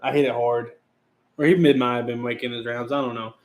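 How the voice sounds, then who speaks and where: A man's voice: mid-range voice, fairly even intonation, brisk, darkish tone. A man co-hosting a podcast, joking casually and acting out voices in his anecdotes. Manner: joking, acts out quoted voices in his stories. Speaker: podcast co-host. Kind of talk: casual storytelling chat.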